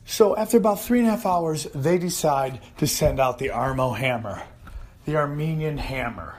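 A male podcast host telling a comedic solo rant, animated and loud, shouting in the voices he quotes. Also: on the high side, moderate pace. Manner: animated storytelling, loud put-on yelling in quotes.

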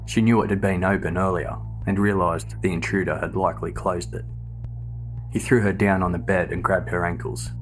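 A man with a very low voice reads a true crime story in a steady, measured way. Soft music plays faintly behind him. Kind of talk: scripted true crime narration. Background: faint background music.

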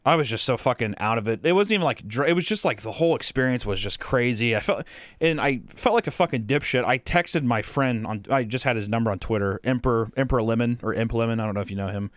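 A man's voice: medium pitch, lively intonation, quick pace, no room sound, clean studio sound. A young man co-hosting a podcast, telling a long story in a casual, rambling way with lots of fillers and swearing. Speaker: podcast co-host.

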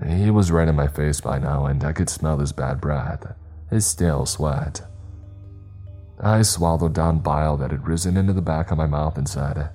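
A man reading a first-person horror story in a measured, grave storytelling manner. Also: a bass voice, mellow. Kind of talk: scripted horror narration. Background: faint background music.

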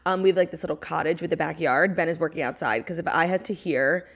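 A young woman co-hosting a podcast remotely from a rented cottage, chatting casually, swearing freely and talking in quick bursts full of "like". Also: sits low. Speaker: podcast co-host. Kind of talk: casual chat. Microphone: remote audio-only recording.

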